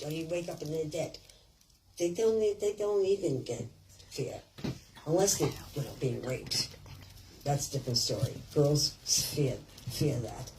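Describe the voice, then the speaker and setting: A woman's voice: deep voice, dark tone, far from the mic, a little hiss or hum, low-quality recording. An older woman giving a rambling, blunt and profane off-the-cuff speech as an author at a book signing in a thrift shop.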